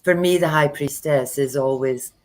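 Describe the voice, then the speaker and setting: A tarot reader who also hosts workshops talks casually and bluntly on her livestream, recounting stories and performing what people said. Her voice sits low at a normal speed, and the audio is poor.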